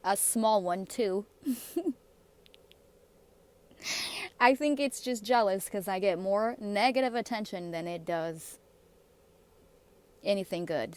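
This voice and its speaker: A woman vlogger giving casual, sarcastic commentary on comments, blunt and given to laughing asides. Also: medium pitch.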